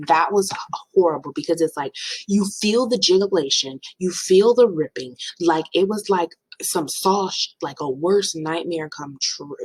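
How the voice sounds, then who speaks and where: Young woman, husky low voice, dry close sound, dramatic casual storytelling. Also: normal speed, dry recording, low-quality recording. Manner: animated, dramatic, swings into playful high voices for quotes. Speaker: vlogger.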